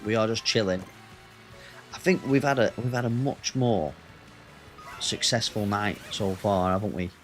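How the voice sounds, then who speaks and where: Bloke in his 30s, chatty and sweary on stream, low voice, bit of music in the back. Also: measured pace, pauses often. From Northwest England. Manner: chatty, banters with chat, swears. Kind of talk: casual gaming stream chat.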